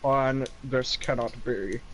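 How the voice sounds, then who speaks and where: Man, mid-pitched voice, deadpan mock-dramatic reading, slow and drawn out, stumbles over names, faint background noise. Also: poor audio. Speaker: streamer. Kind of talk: mock-dramatic reading of fan fiction aloud.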